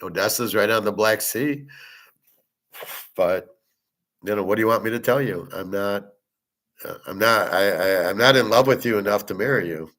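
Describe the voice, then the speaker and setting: Middle-aged male host, low voice, blunt and profane casual monologue. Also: moderate pace, long pauses, fairly bright tone.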